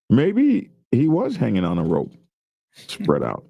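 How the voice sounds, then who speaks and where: A man's voice: mid-range voice, huge pitch swings, slow pace, gravelly, warm tone, breathy edge, dry recording. A man casually reading news stories aloud and joking about them with his co-hosts. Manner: reads headlines aloud then riffs jokingly. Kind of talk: casual news commentary chat.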